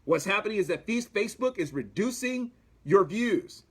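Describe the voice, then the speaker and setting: A man's voice: sits high, animated, moderate pace, breathy edge. A man hosting a livestream, talking casually about the Bible and the news, rambling with many restarts and chuckling asides. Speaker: livestream host.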